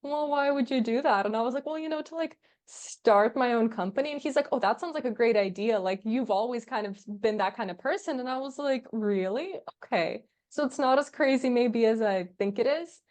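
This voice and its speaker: A young woman, a podcast guest, chatting casually and telling lively stories, acting out the dialogue and laughing often. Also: a little high, brisk, few pauses. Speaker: podcast guest, agency founder. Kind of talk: casual interview chat.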